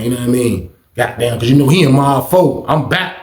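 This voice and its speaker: A man hosting a storytime vlog, animated and profane, repeating "you know what I mean" often. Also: mid-range voice, a little fast, roomy sound. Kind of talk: casual storytelling.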